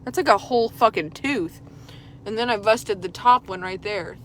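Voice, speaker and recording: A woman vlogger chatting casually from her car, telling a story in an animated way and swearing often. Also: mid-range voice, normal speed. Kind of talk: casual chat. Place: car while driving. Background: vehicle noise.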